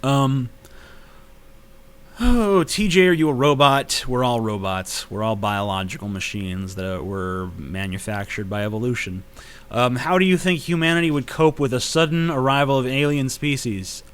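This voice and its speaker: A man's voice: mid-range voice, moderate pace, smooth. Blunt, profane man in his late twenties. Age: late 20s. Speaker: vlogger answering viewer questions. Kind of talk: casual vlog Q&A.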